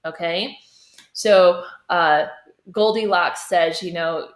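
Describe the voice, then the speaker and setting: A woman's voice: mid-range voice, slow. A woman choir teacher giving a singing lesson, explaining vocal technique and often checking in with "okay?". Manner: demonstrates sung phrases, checks in with "okay?". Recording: echoey room.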